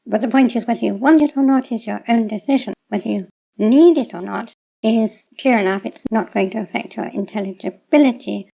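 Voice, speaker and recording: A woman explaining Japanese pitch accent to learners in a measured, reasoned way. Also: creaky. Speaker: language teacher. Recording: dull lo-fi sound.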